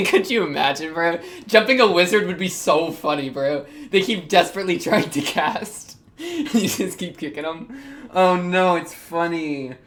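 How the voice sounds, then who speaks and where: A young man, reacting to an anime episode in casual commentary, excitable, laughing often and talking back to the characters. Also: high voice, a little slow, slight background noise.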